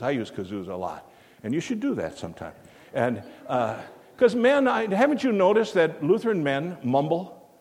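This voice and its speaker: Older man, storytelling sermon, lively up-and-down voice, rambling with fillers, long hall reverb. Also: on the high side. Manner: rambling, many fillers and restarts. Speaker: preacher telling a story.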